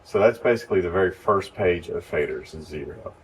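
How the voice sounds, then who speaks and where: A man with a very low voice gives casual, step-by-step training to church volunteers. He is recorded from a distance, and faint noise hangs behind him. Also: brisk. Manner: relaxed, explains step by step. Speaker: lighting instructor.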